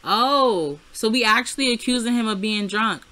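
A young woman giving casual, profane commentary over her life-sim game, chatty and frank, and loud and heated when she rants. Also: on the high side, expressive, normal speed, few pauses. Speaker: Sims let's play creator. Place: home room.

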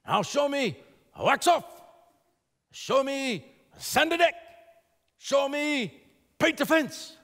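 A man's voice: high voice, huge pitch swings, takes it slowly, gravelly, bright, forceful tone, slightly rough, full character voice. A man voicing an elderly male karate master who gives clipped orders in broken English, recorded with long hall reverb. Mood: commanding.

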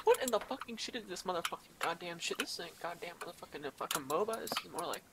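Over gameplay, a woman delivers parody live commentary that is rambling, mock-boastful and constantly profane. Her voice is fairly low and quick, and the very noisy recording has loud keyboard typing behind it.

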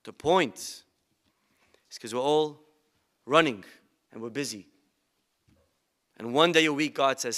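A man's voice: mid-range voice, slow pace, pauses often, fairly bright tone. A male rabbi giving a humorous sermon with stories and rhetorical questions to his congregation. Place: synagogue event.

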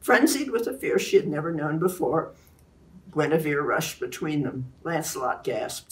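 A woman author introducing and reading aloud from her own novel in a clear, animated way. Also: deep voice, moderate pace, distant mic.

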